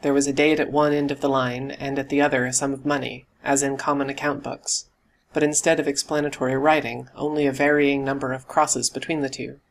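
A man reading a classic novel aloud as an audiobook narrator, in a steady, even storytelling manner. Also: mid-range voice, brisk, gravelly, slight background noise. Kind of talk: scripted narration.

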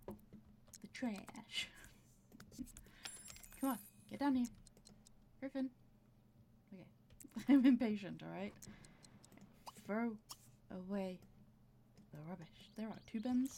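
A woman's voice: a little high, creaky, mellow, a little hiss or hum. A woman casually commenting on her game, chatting to her characters and laughing often, with audible breathing. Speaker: gameplay commentator.

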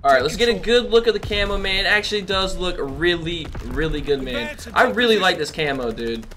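A man's voice: sits high, expressive, a little fast, sharp tone, slight background noise. A young man giving chatty, slang-filled live commentary over his gameplay, often exclaiming and laughing. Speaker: gaming youtuber.

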